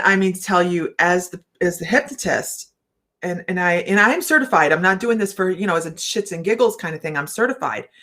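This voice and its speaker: A woman's voice: lowish voice, a bit bright. A woman psychic hosting a casual livestream chat, telling a rambling story and laughing often. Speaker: psychic and certified hypnotist.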